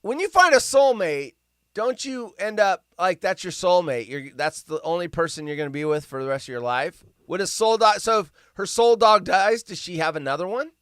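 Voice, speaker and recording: A man's voice: sits high, animated, fairly quick, hardly any pauses, a bit bright, clean tone, dry recording, clean studio sound. A man hosting a casual livestream. He rambles and sounds sarcastic and incredulous as he reacts to news stories. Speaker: livestream host.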